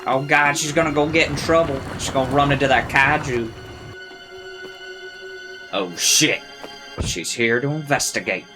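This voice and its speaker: A man giving casual reaction commentary to a show, excitable and swearing freely as he talks back at the screen. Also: mid-range voice, unhurried, long pauses. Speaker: reaction video host. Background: show audio and music playing.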